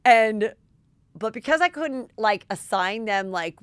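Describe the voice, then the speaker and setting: Woman, podcast host, gossipy, animated storytelling, smooth voice, dry close mic. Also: on the high side, no echo. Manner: gossipy, animated, quick asides. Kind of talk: casual chat.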